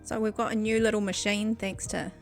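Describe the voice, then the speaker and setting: A woman's voice: mid-range voice, little pitch movement, moderate pace, gravelly, soft background music. A woman with a New Zealand accent chatting casually with her viewers on a game stream, giggling often, at a desk microphone. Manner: giggly, chatty, talks to chat. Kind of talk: casual gaming stream chat.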